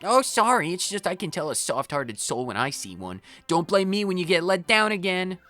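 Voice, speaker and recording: A man voicing a rude, sharp-tongued spirit servant in a video game. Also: high voice, sing-song, moderate pace, soft background music, voice pushed up, full character voice. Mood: mocking. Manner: scornful, rude.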